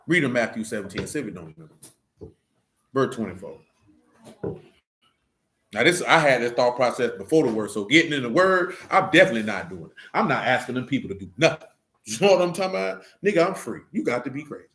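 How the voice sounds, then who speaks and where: A man's voice: mid-range voice, very animated, quick pace, fairly bright tone. A man talking in a casual, preaching way, emphatic and fond of rhetorical questions. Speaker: religious discussion leader. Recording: echoey room.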